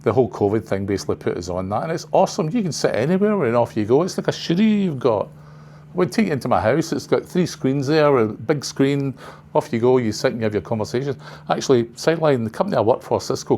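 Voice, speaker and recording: A man's voice: medium pitch, lively intonation, fast talker, darkish tone, slight background noise. An older man giving a casual, rambling presentation to a class of trainers in a training room, full of side remarks. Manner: rambling, chatty, full of asides.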